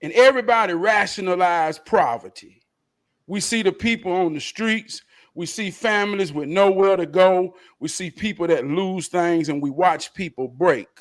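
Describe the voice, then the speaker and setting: A middle-aged man hosts a talk show with a notably high-pitched voice. He talks in a passionate, sermon-like way and swears freely. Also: moderate pace. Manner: impassioned, preacherly, profane. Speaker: host. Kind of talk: casual talk-show conversation.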